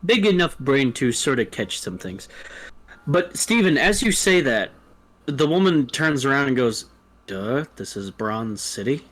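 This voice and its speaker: A man's voice: fairly high pitch, big pitch swings, a little slow, a bit bright, poor audio. A young man narrating as dungeon master in a casual, joking way. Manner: casual, swears, plays the townsfolk lines himself. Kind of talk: narrating a tabletop game.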